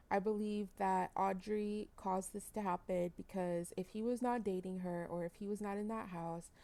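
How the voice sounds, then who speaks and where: A woman casually narrating a dramatic life-sim game story to her viewers, chatty and expressive. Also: mid-range voice, gravelly. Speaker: gaming channel host.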